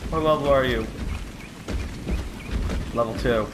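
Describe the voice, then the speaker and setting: A young man giving casual gaming commentary, swinging from mock grief to frantic yelling and swearing. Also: mid-range voice, takes it slowly, background noise. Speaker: gameplay commentator.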